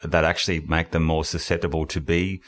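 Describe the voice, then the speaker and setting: A man's voice: extremely low pitch, flat delivery, fairly quick, fairly bright tone. A man hosting a casual podcast interview, talking in a rambling, enthusiastic way and often correcting himself mid-sentence. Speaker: podcast host.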